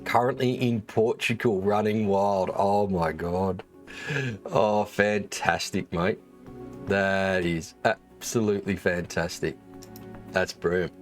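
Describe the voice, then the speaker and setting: A deep-voiced Australian man talks loosely on a livestream, full of swearing, fillers and restarts. Faint music plays underneath. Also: steady tone, takes it slowly. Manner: rambling, swears freely, many fillers and restarts. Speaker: streamer and former race engineer. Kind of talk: casual livestream chat.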